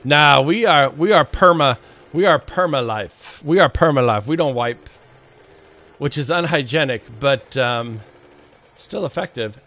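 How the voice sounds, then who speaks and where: Playful man streaming a game, unhurried. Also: a little high, a bit bright. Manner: playful, jokey, talks to chat and to the zombies. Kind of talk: casual live gameplay commentary.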